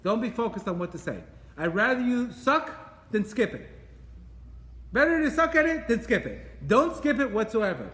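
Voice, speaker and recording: A man's voice: high-pitched, very animated, moderate pace, fairly bright tone. A man giving a Torah class to a group, talking animatedly with rhetorical questions and repeated phrases. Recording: echoey hall with faint ambience.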